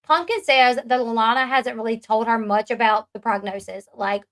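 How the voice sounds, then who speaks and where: A woman's voice: on the high side, fairly even intonation, moderate pace, a bit bright. A woman recapping a reality show in a chatty, casual way, often laughing at the scenes she retells. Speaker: commentary host.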